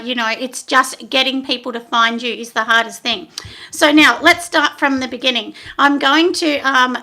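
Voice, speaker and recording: Bright, high-voiced woman vlogging. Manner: rambling and self-deprecating, frequent ums, laughs at herself. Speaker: soap maker and channel host. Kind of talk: casual chatty vlog.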